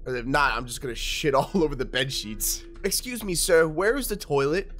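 A man doing jokey let's play commentary on a horror game, excitable, cursing and shouting at scares. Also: on the high side, moderate pace, faint music behind. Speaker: gameplay commentator.

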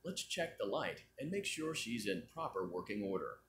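A man's voice: fairly low pitch, big pitch swings, moderate pace, fairly bright tone. An actor voicing a cheerful male automated facility system that gives upbeat, corporate-style instructions. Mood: cheery instructive.

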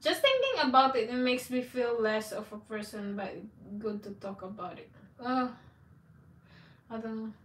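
A woman's voice: a little high, animated, moderate pace, fairly bright tone, far from the mic. A woman vlogger chatting casually to her viewers, rambling and candid with frequent exclamations. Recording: echoey room, voice off-mic.

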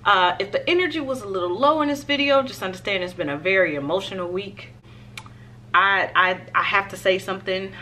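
A woman fashion vlogger chatting casually to her viewers in a try-on haul, expressive and direct. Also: medium pitch, brisk, a little hiss or hum.

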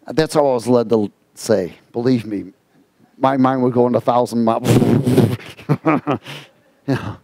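A man preaching a sermon, telling stories with lively quoted voices and reading scripture aloud. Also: mid-range voice, a little slow, vocal fry, dry recording. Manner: animated storytelling with quoted voices. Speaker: pastor.

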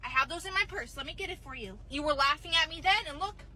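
A woman's voice: high-pitched, lively intonation, fast, bright, forceful tone, slight background noise, full character voice. A woman playing a thrifty, firm middle-aged mother who scolds and says no.

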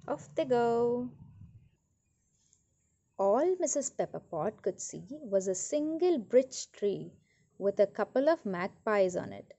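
A woman reading a story aloud to children, animated and stopping to ask questions. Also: fairly high pitch, slow pace, pauses often, dull audio. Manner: animated, asks listeners questions.

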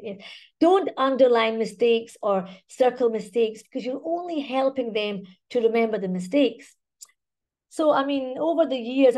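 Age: adult. Sex: woman. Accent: Scottish. Role: chatty webinar presenter, slightly high voice. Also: a little mellow. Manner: chatty, keeps checking in with "okay?" and "right?". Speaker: language teacher presenting a webinar.

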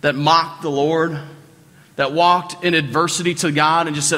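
A man's voice: fairly high pitch, steady tone, moderate pace, bright, forceful tone. A man with a Southern American accent preaching a sermon as pastor, conversational, repeating phrases and putting questions to the congregation. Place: church sanctuary. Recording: long hall reverb.

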